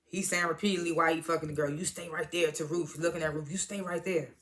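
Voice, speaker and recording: Casual TV recap, bright voice, retells scenes as quoted dialogue, swears freely, chuckles. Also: medium pitch, steady tone, fast talker. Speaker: TV episode reviewer.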